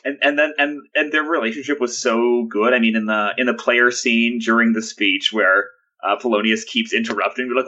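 A man's voice: medium pitch, fairly even intonation, moderate pace, bright, forceful tone, muffled recording. A man on a podcast panel, chatting casually, thoughtful and hesitant with fillers. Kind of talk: casual discussion.

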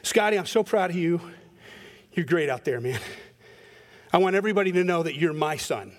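A man voicing a gentle father softly reassuring his young son. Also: on the high side, expressive, brisk, voice pushed down, natural voice. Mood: tender. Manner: soft, reassuring.

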